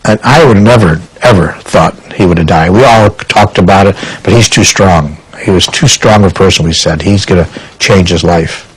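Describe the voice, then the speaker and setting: A man's voice: deep voice, moderate pace, few pauses, slightly rough, no echo, poor audio. A man giving a documentary interview, telling his memories in a plain, subdued way.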